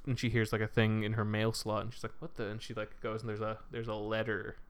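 A man's voice: fairly low pitch, completely flat delivery, fast, clean tone. A man telling a long rambling story on a casual podcast, swearing freely and acting out the characters' lines as he goes. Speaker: podcast co-host.

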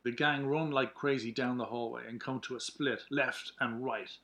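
A man's voice: mid-range voice, steady tone, moderate pace, sharp tone. A man reading a script aloud, a little hesitant, with ums between lines. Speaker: script reader.

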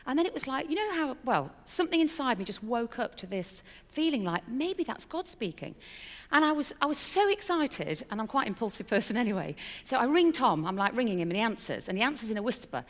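A woman's voice: fairly high pitch, big pitch swings, brisk, in a large hall. A middle-aged woman giving a personal testimony in a candid, chatty storytelling way with fillers and a touch of self-mockery. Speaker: speaker sharing a personal testimony.

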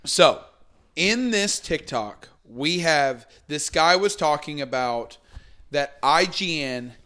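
A man's voice: fairly high pitch, expressive, slow, sharp tone. A young man hosting a casual podcast, rambling with lots of fillers as he chats with two guests. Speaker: podcast host.

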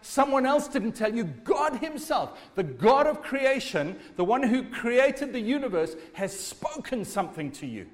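A man's voice: very high voice, very animated, unhurried, few pauses. A man preaching a sermon, speaking with emphasis and asking his listeners rhetorical questions. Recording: long hall reverb.

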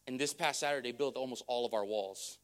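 A man's voice: mid-range voice, fairly quick. A man preaching a sermon, a pastor who tells a story in a conversational way, repeating words and checking in with the crowd. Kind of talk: sermon with testimony.

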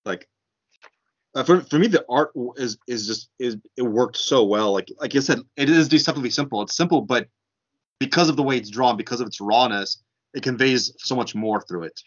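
A man in a casual book discussion, explaining his views in an animated way, with lots of "like". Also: medium pitch, fairly quick. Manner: animated, filler-heavy explaining. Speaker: discussion participant. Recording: dull lo-fi sound.

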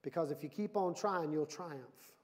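A man preaching a sermon with a high, bright voice. He is lively and keeps turning questions back on the congregation, mixing stories with direct appeals. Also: moderate pace. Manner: lively, asks the audience questions. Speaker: pastor.

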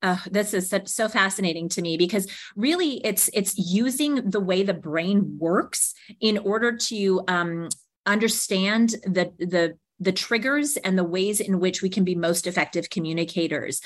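A woman's voice: medium pitch, moderate pace. A woman, a guest expert, explaining her ideas at length in an interview. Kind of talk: interview answers.

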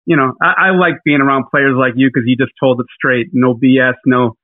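A man's voice: mid-range voice, steady tone, brisk, dry recording. A man co-hosting a casual podcast, talking in a rambling, hesitant way with lots of fillers. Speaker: podcast co-host. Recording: tinny phone-like line.

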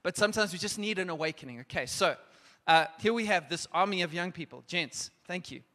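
A man preaching in a church hall, his voice bright and a little high. He presses hard, then drops low and hushed. A long reverb trails each phrase. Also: expressive, fairly quick. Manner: urgent, rising and falling from emphatic to hushed. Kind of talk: sermon with altar call.

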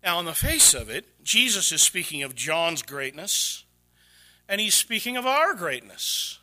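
A male pastor delivers a sermon in a church with a high, very bright and forceful voice. His preaching is dramatic, dropping to hushed near-whispers for emphasis, then rising to loud, high-pitched exclamations. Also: big pitch swings, unhurried.

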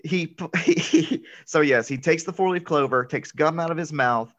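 With a slightly high, fairly bright voice at normal speed, a male podcast host recaps a film in relaxed chat. He laughs frequently and peppers his talk with "um" and "like," recorded with a muffled sound.

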